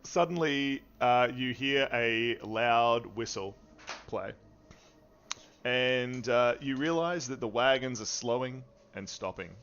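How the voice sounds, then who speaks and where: A man narrating a tabletop game as game master, unhurried and easygoing, with frequent fillers and chuckles. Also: medium pitch, a bit bright, clear, resonant tone. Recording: dull lo-fi stream audio.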